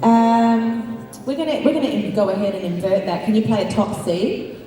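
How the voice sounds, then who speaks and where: A woman's voice: on the high side, moderate pace, warm tone, soft background music. A woman vocal coach leading a live workshop in an auditorium, upbeat and encouraging, breaking into sung demonstrations. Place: large auditorium with a crowd of singers. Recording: echoey auditorium from far off with singing behind.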